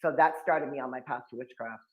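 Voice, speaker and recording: A man's voice: medium pitch, fast, narrow, tinny audio. A man in his fifties from New England, telling long stories as an occult expert guest and acting out the people he quotes. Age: 50s. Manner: animated storyteller acting out quotes. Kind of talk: storytelling interview. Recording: roomy echo.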